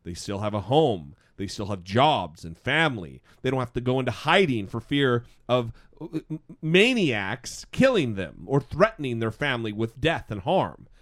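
Animated man hosting a podcast. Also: medium pitch, moderate pace. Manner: rambling, animated, restarts often. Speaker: podcast host. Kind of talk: casual opinionated chat.

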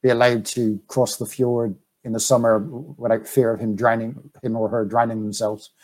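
A man's voice: mid-range voice, little pitch movement, normal speed, darkish tone, rough recording. Hesitant man narrating a tabletop game. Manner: hesitant, many ums, chuckling. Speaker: game master.

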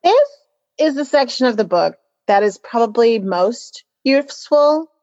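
A woman co-host chatting candidly and swearing freely as she tells a story. Her voice sits a little high, and the sound is dry and slightly dull. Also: lively intonation, unhurried, a little mellow, no echo. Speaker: podcast co-host. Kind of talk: casual chat.

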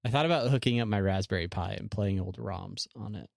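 A man co-hosting a casual podcast, his voice gravelly with vocal fry. He talks in a laid-back way and drops dry little asides. The sound is close and dry. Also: lowish voice, brisk, no room sound. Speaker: podcast co-host. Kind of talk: casual chat.

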